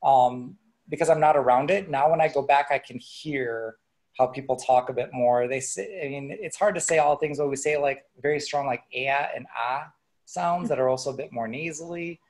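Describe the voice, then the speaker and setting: A man from Chicago with a Chicago accent, answering questions in a relaxed, rambling way on an online video call. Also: medium pitch, brisk. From Chicago, USA. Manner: relaxed, rambling, with fillers and restarts. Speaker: guest presenter. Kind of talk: casual online Q&A.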